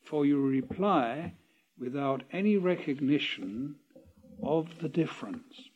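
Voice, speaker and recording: A man reading as a calm old teacher. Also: on the high side, husky, dull audio, full character voice. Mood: explaining. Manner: measured, probing questions. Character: calm, questioning old male spiritual teacher.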